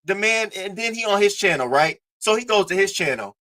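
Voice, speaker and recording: Bright-voiced, animated male streamer. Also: high voice, fairly quick, low-quality recording. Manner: animated, profane, mocking. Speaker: commentary streamer. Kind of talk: casual commentary talking to a live chat.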